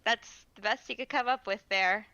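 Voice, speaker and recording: A woman's voice: mid-range voice, normal speed, pushed and bright, no room sound, dull audio. A woman in casual stream chat, talking in a chatty, encouraging way with many fillers. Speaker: voice actor guest.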